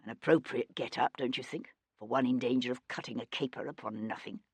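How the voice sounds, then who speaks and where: A dangerous man speaks in a hushed, rough voice, pitched very low and kept quiet. A woman narrator puts him on. The sound is dry and close, with no room around it. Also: brisk, no echo, full character voice. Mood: cool, probing.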